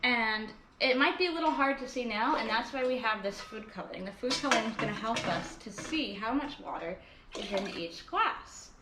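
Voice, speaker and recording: Bright, echoey young woman teaching kids. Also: on the high side, lively intonation. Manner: cheerful, slow and clear, talks to kids. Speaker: children's music teacher. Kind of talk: lesson for young children. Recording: echoey kitchen with clear background noise.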